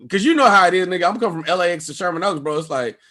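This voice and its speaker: A male stand-up comedian telling a profane story on a podcast, acting out everyone's lines with sudden leaps in pitch and volume. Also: racing. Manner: profane, acts out people's lines with big jumps in pitch and loudness.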